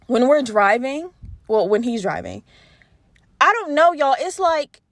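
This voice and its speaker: A young woman hosting a casual solo podcast, talking candidly with lots of profanity and animated storytelling. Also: sits high, a little slow, no room sound. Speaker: podcast host.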